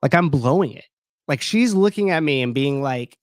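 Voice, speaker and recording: A man's voice: a little high, lively intonation, moderate pace, dry recording, studio quality. Candid, profane man telling a story. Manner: loose and candid, lots of "like" and swearing. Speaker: gym owner and guest. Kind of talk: casual storytelling.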